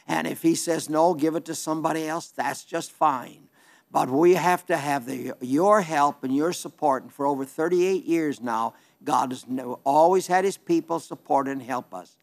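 A man's voice: on the high side, a little slow, gravelly. A man preaching on television in a folksy, earnest, plainspoken way, reading viewer letters and asking for support.

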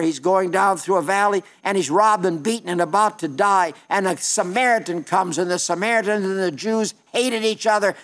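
An older man preaching a sermon in a folksy storytelling way, slowing down for emphasis. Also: high voice.

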